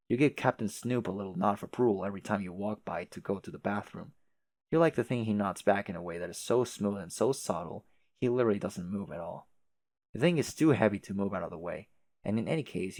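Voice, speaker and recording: A man's voice: on the low side, a little mellow, dry recording. A man reading a webcomic aloud in a casual way, with swearing asides and laughs. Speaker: webcomic reader. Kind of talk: casual read-aloud with reactions.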